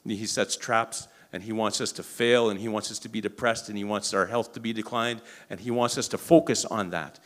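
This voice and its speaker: A man preaching a sermon, telling a story in an animated way and often restarting or repeating words. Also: lowish voice, fairly quick, few pauses. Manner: animated, acts out quoted dialogue.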